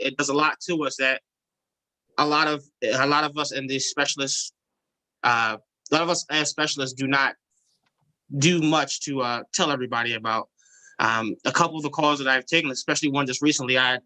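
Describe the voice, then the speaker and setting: A man who works as a 911 specialist testifies at a legislative hearing in a medium-pitched, steady voice that is brisk, bright and forceful. He speaks earnestly but somewhat hesitantly, with many fillers, and the audio is poor.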